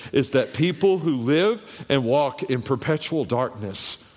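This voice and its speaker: A man's voice: medium pitch, expressive, measured pace, a little mellow. A man preaching a sermon as the pastor, telling a childhood story and asking his congregation rhetorical questions. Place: church hall. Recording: long hall reverb.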